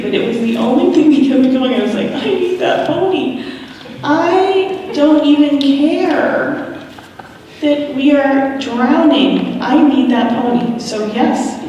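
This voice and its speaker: A woman's voice: on the low side, dark tone, slight background noise. A middle-aged woman telling her family's story frankly and with frequent laughter, speaking to an audience. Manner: frank, laughs often, acts out quoted voices. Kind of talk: candid storytelling talk. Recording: echoey hall from far off.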